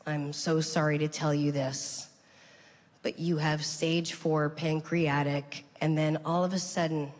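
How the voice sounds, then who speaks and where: In a reverberant large hall with faint ambience, a deep-voiced middle-aged comedian relates a story about her family. She keeps it chatty, says "like" a lot, restarts frequently and performs her relatives' voices.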